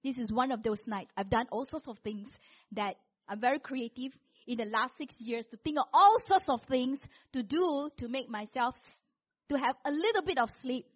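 A woman preaching a sermon, telling a personal story in an animated way and acting out what people said, with big swings between loud and soft. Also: high-pitched, moderate pace, dull audio.

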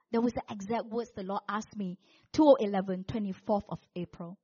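A woman's voice: mid-range voice, a little fast, husky. Dull-sounding woman preaching a testimony. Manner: animated storytelling, acting out quotes with big swings in volume. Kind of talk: sermon with personal testimony.

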